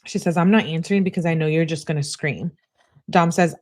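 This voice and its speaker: Low-voiced woman reading text messages. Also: a little mellow. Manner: reads messages aloud with quick asides. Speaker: true crime commentator.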